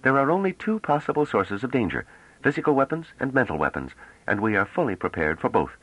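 A man's voice: mid-range voice, very animated, fast, a bit bright, dry recording, poor audio. A man voicing a stern, resolute woman leader in an audiobook, speaking firmly and with command. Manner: firm, commanding. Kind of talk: audiobook character reading.

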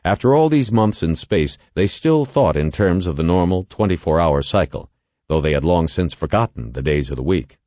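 A man narrating a novel as an audiobook in a measured, expressive way. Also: low voice, no room sound. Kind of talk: scripted narration.

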